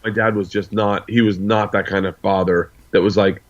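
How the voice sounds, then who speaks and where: Low-voiced man telling rambling stories. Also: level tone, dull audio. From United States. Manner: rambling anecdotal storyteller with quick asides. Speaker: guest. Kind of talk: casual storytelling.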